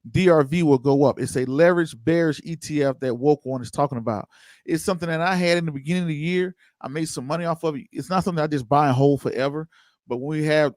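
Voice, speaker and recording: A man's voice: on the high side, no echo. Casual male livestream host, dry mic. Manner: loose, conversational, chats with viewers by name. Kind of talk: casual livestream commentary reading chat.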